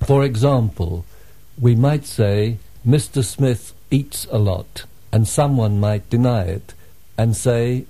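A man's voice: medium pitch, warm tone. A man answering a teacher's questions in full textbook sentences during a language drill. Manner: slow, careful, textbook answering.

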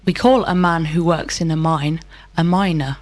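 A woman with a somewhat low voice answers each drill question in a full, precise sentence. The recording is dry, with no room sound. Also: steady tone, moderate pace, no room sound. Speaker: model student.

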